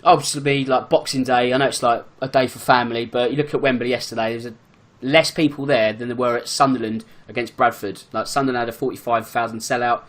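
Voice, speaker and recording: A man talks football in a relaxed podcast chat at a brisk clip. His pitch sits in the middle, and his sentences tumble along with plenty of fillers and restarts. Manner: quick, chatty, full of fillers. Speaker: podcast guest, football fan. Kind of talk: casual chat.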